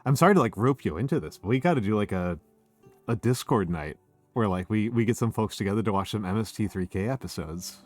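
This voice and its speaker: A man's voice: on the low side, expressive, quick pace, faint music behind. A man, chatting casually and sardonically on a stream, swearing freely and often laughing. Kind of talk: casual chat.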